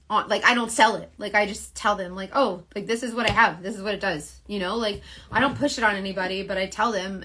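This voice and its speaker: A woman's voice: medium pitch, bright, forceful tone. Chatty woman selling makeup live. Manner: rambling, filler-heavy, earnest. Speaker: makeup seller. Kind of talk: casual live stream chat.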